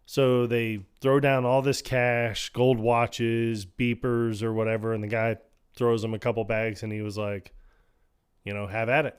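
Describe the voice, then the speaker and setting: A man co-hosting a casual podcast, retelling film scenes with lively acted-out quotes and laughter. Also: medium pitch, measured pace, smooth. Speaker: podcast co-host. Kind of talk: casual chat.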